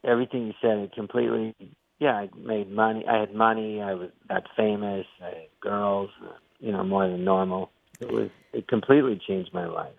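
A man's voice: lowish voice, moderate pace, creaky, no room sound. Older guy telling stories on the phone, acts out all the voices, sounds tinny and dry. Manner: animated, acts out quotes and voices. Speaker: guest comedian. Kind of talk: interview storytelling.

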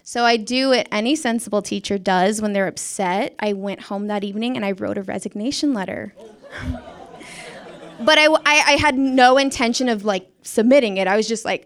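Chatty young woman with a smooth voice. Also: mid-range voice, moderate pace. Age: young adult. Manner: chatty, self-mocking, acts out quotes, laughs often. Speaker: former schoolteacher. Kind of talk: casual storytelling.

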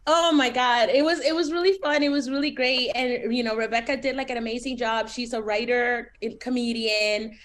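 A woman in her forties with a Miami accent talks as an interview guest. Her voice sits a bit high. She is animated and chatty and uses lots of fillers. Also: moderate pace, few pauses. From Miami, United States. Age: 40s. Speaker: TV writer, guest.

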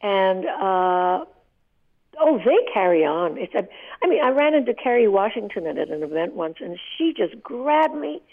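A woman's voice: medium pitch, big pitch swings, moderate pace. A woman in her eighties, a guest telling heartfelt stories in an emotional, vivid way during a radio interview. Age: 80s. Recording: tinny phone line.

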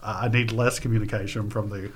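A man reading his poetry and telling stories in an interview, soft-spoken and often trailing off. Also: fairly low pitch, level tone, brisk, a little hiss or hum. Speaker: poet and interview guest.

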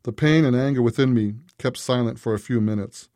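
Dark-voiced man narrating a story. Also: medium pitch, a little fast, no echo, clean studio sound. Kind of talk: scripted narration.

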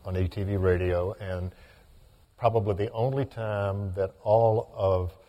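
A male radio host asking measured, courteous questions in an interview. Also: lowish voice, steady tone, big-room sound, lo-fi sound.

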